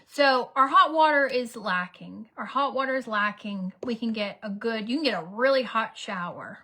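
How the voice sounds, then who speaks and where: A woman, telling a story as a casual get-ready-with-me vlog, dramatic and animated, sometimes dropping to a whisper. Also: on the high side, fairly quick, few pauses. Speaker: beauty vlogger.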